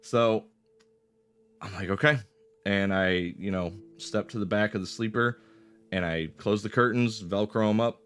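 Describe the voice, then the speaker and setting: A man's voice: low voice, smooth. A man in his twenties casually telling a personal story, swearing often and rambling with fillers. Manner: swears a lot, loose rambling delivery with fillers.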